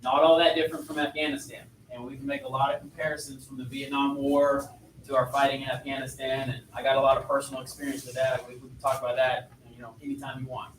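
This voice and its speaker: A man's voice: medium pitch, fairly bright tone, slight background noise. A man teaching a history class in a chatty lecture style, asking his students questions as he goes. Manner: conversational, asks students questions. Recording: echoey classroom, voice from far off.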